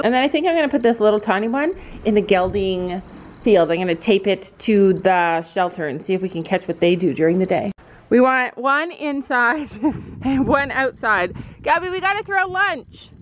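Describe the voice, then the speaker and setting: Middle-aged woman, family vlog host, dramatic chatty storytelling, coos at horses, echoey barn recording. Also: a little high. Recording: echoey, slightly dull, faint ambience.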